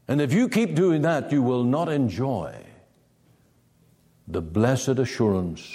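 A man preaching a sermon, emphatic, with wide swings of pitch. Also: mellow, long reverb tail.

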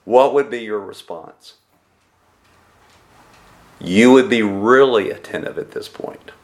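Slow, deliberate male preacher. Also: on the low side. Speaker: pastor. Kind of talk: sermon.

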